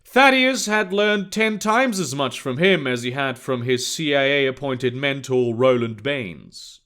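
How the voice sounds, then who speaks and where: A man's voice: medium pitch, expressive, measured pace, hardly any pauses, fairly bright tone. Man narrating a story steadily.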